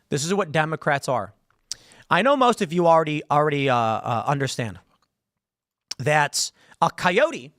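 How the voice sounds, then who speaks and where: A man hosts a live political stream in a sarcastic, mocking tone. His voice sits a little high and swings widely in pitch. The sound is close and dry, with almost no room around it. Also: a bit bright, dry recording. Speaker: political show host. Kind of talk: opinionated live-stream commentary.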